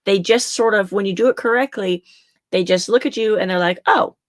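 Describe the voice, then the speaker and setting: A woman's voice: medium pitch, brisk, dry recording, clean studio sound. A young adult woman horse riding coach giving casual teaching talk, chatty and repeating her points for emphasis.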